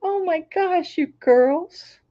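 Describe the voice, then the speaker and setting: Chatty hoarse woman, high and slow, mellow tone, live on a laptop. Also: dull audio. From Florida. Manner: chatty, greets viewers by name. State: hoarse, recovering voice. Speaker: crafting channel host. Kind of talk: casual livestream chat. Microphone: laptop microphone.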